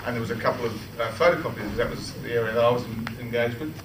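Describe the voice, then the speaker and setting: A man's voice: medium pitch, very fast. An Australian man giving a speech at a club meeting, telling a humorous personal story in a chatty way, restarting often and laughing. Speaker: club speaker. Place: meeting room. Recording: roomy hall, from far off, with noise.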